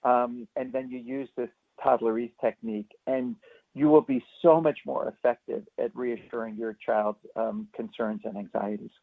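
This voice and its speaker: A man speaking as a pediatrician guest, explaining parenting advice in an earnest way with lively demonstrations, calling in to a radio interview. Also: medium pitch, normal speed, creaky. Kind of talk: expert interview answers. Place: remote, not in the studio. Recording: tinny phone line into a radio show.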